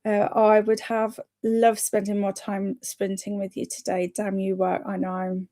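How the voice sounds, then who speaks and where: Running a reading-sprint livestream, she reads comments from viewers out loud, chats loosely, and encourages them, laughing softly and often. Her mid-range voice is a bit slow and flat in intonation, with a dark tone.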